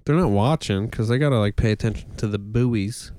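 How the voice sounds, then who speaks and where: A man co-hosting a podcast in casual chat, joking around in a playful deadpan way. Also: on the low side, a little fast. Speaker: podcast co-host. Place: houseboat cabin.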